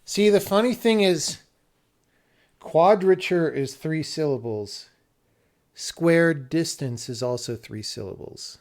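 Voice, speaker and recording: Male streamer, slow and gravelly, casual, profane, muttering through his code. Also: on the high side, a little mellow. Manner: casual, swears freely, muses to himself. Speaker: programmer streaming live. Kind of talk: thinking aloud while coding.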